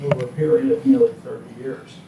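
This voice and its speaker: A man's voice: medium pitch, little pitch movement, fast, vocal fry, noisy background. A man giving a political science lecture in a classroom, rambling with frequent ums and asides. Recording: echoey classroom from far off.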